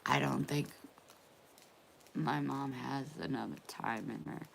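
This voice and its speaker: Woman vlogger, low voice, unhurried, emotional and hesitant, faint room hum behind. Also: steady tone, creaky. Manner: emotional, quiet, hesitant, with restarts. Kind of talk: emotional personal talk.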